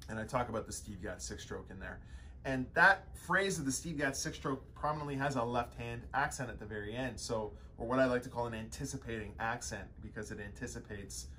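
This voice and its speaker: A man's voice: medium pitch, fairly quick, pushed and bright, slight background noise. Casual man explaining drum patterns. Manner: loose, thinking aloud with fillers and restarts. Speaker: drum teacher.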